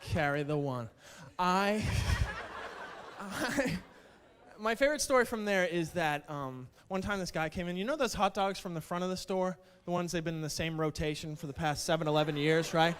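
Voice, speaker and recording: A man's voice: high-pitched, normal speed, fairly bright tone, a little hiss or hum. A man doing a loose, rambling stand-up set on a club stage, chuckling at his own jokes. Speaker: stand-up comedian.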